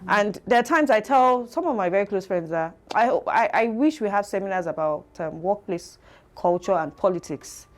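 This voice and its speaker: A woman with a Nigerian accent, telling her story as an interview guest in a reflective, halting way full of fillers. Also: medium pitch, lively intonation. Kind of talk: conversational interview.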